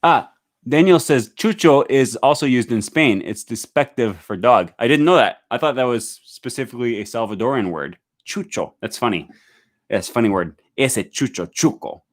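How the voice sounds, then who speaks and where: A man hosting a casual livestream at home, reading viewer comments aloud and chatting about them, with many fillers and a relaxed, meandering way of talking. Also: medium pitch, normal speed. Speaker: livestream host.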